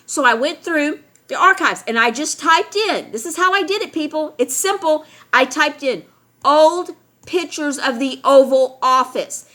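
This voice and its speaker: With a high, sharp-toned, animated voice, a woman rants directly to her viewers in an unhurried way. She is emphatic and lecturing, driving her points home through repetition.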